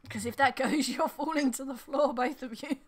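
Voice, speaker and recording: A woman's voice: high-pitched, moderate pace. A woman running a tabletop game as game master, narrating with many fillers and hesitations.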